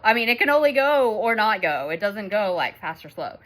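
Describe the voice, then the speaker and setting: A woman's voice: on the high side, expressive, normal speed, fairly bright tone. A woman in her thirties telling a family story in a chatty vlog, laughing often as she talks. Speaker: vlogger and mother.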